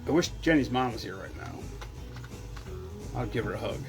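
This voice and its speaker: A man's voice: medium pitch, lively intonation, moderate pace, over music. A man hosting a casual chat show, talking bluntly and teasing his co-host.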